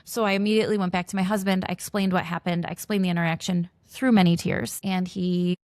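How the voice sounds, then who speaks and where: A woman's voice: lowish voice, steady tone, quick pace, darkish tone, no echo. A woman in her forties, a mother, telling a personal story to camera and acting out both sides of each conversation. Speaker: mother of a teenager with food allergies.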